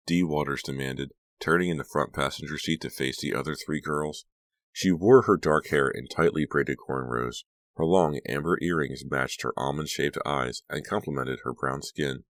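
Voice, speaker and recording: Very deep-voiced male audiobook narrator. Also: normal speed, no room sound. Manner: steady storytelling. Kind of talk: scripted narration.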